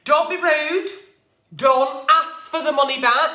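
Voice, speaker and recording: A woman's voice: high-pitched, fairly even intonation, takes it slowly, sharp tone, echoey room. A woman vlogger answering advice letters at her table, blunt and heavily profane, ranting in a fired-up way. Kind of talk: casual advice rant. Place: at a table at home. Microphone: camera mic.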